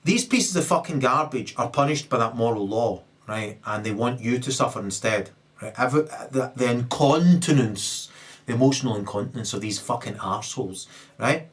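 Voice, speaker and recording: A man delivering a profane, emphatic ranting monologue, halting often and restarting his sentences. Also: medium pitch. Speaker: comedic commentator.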